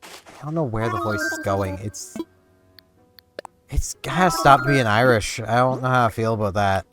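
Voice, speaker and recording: A man's voice: mid-range voice, normal speed, long pauses. Rambling man chatting over game music. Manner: rambling, self-deprecating chatter. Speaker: gaming channel host. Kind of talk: casual gameplay commentary.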